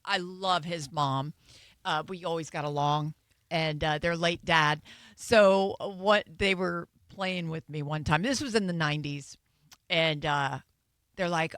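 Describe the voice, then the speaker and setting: Animated middle-aged woman storyteller. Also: deep voice, unhurried, no room sound. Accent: American. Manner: animated storyteller, acts out quotes. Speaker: radio co-host. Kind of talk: casual radio chat.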